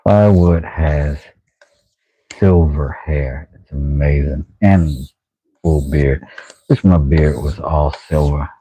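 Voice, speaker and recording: A man's voice: slow, mellow, husky. A middle-aged man hosting a casual woodworking livestream, chatting playfully while he sharpens a blade. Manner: playful, drifts into silly high sing-song voices. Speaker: woodworking channel host.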